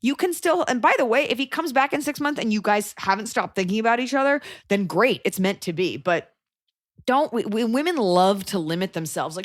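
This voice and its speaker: A woman's voice: fairly high pitch, big pitch swings, moderate pace. A young adult woman hosting a podcast, giving blunt, profane advice in a casual chat and jumping into quoted voices. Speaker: podcast host.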